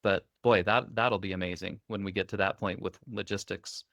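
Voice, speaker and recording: A man co-hosting a tech podcast, talking in a relaxed, upbeat, conversational way. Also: sits low, normal speed, vocal fry, no room sound. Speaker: co-host. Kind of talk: casual tech podcast chat.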